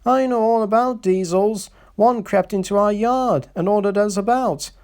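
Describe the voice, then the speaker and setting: A man's voice: high-pitched, normal speed, darkish tone, smooth, voice pushed up. A man voicing a vain, boastful male steam engine in a storybook reading, speaking in snappy bursts.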